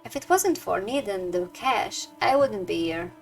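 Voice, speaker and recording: A woman voicing a jittery, gruff working-class male house guard in a game, with rough slangy delivery. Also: mid-range voice, expressive, unhurried, faint music behind. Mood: nervous.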